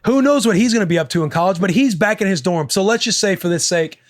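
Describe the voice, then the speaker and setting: A young man hosting a podcast, chatting casually, rambling and swearing freely with excitable energy. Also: sits high, quick pace. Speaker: podcast host. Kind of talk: casual chat.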